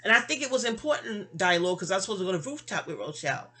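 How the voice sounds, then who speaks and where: In a casual storytelling monologue, a New York City woman who vlogs recounts a long, meandering personal story, chatty but sleepy-sounding, with lots of restarts and side comments. Her medium-pitched voice races along, sing-song, bright and forceful, slightly rough.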